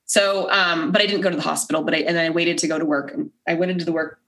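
A woman with a low voice chats as a podcast guest, her story told in an easy, everyday way. She is animated and full of "like", and she acts out the words of the people she quotes. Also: fast talker. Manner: animated, acts out quoted dialogue, heavy use of "like". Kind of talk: casual conversational storytelling.

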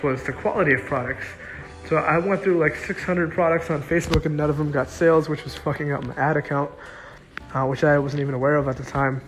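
A young man telling a personal story in a casual, rambling way, full of filler words. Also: a little high.

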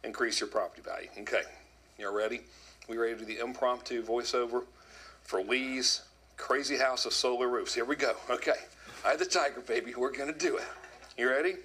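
A man telling a story to his viewers in a casual, animated monologue, often quoting others. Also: mid-range voice, a little fast, breathy edge. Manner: animated storyteller, quotes people in put-on voices. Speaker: video commentator.

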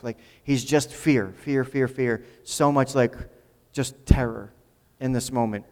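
A man's voice: medium pitch, steady tone, a little slow, darkish tone, long reverb tail. A man preaching a sermon in a conversational way, often repeating words as he builds a point. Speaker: pastor.

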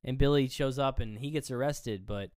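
Animated, smooth-voiced man recapping a movie. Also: medium pitch, normal speed, no room sound, clean studio sound. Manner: animated retelling, swears freely, acts out lines. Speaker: podcast co-host. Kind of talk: casual movie review chat.

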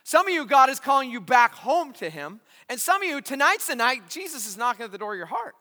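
A California pastor preaches a sermon in a big church, his very high-pitched voice moving briskly through a large hall. He tells a story with real animation, acting out the voices and shouting when it peaks.

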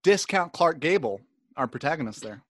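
Brief: male podcast host, a bit high-pitched, joking and lively, dry sound. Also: normal speed, dry recording. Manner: joking and animated. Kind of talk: casual chat.

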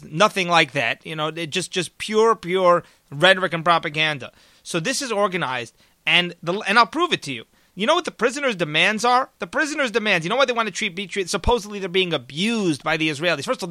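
A man's voice: high-pitched, bright, forceful tone, no room sound. A man hosting his own podcast, delivering an emphatic opinion monologue full of rhetorical questions and calling his listeners folks. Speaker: podcast host.

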